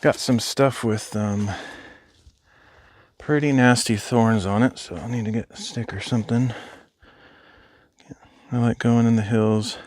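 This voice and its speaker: A man's voice: mid-range voice, steady tone, a little slow, pauses often, darkish tone, no room sound, studio quality. A young adult man live streaming while hiking outdoors, chatting casually and thinking aloud as he answers viewers. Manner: rambling, thinking aloud, replies to chat. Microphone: phone.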